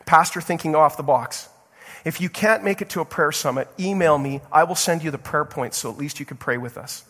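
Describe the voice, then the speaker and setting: Guy pastor preaching in a church, fired up, high voice, stumbles on his words, long echo from the hall. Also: a little fast, a bit bright. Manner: impassioned preaching, urgent questions to the congregation; stumbling restarts and repeated words. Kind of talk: sermon. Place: church sanctuary. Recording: long reverb of a large hall.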